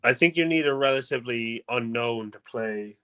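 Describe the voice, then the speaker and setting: A man's voice: mid-range voice, normal speed, sharp tone, clean tone. A man joining a live stream as a guest, chatting casually, agreeing readily and hesitating with fillers. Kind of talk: casual chat.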